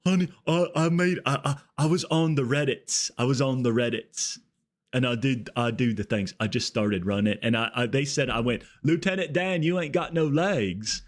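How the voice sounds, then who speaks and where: A man's voice: medium pitch, normal speed, close to an everyday voice. A man putting on a goofy, simple-minded version of himself bragging to his wife, stammering dopily. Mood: dopey bragging. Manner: stammering, dopey.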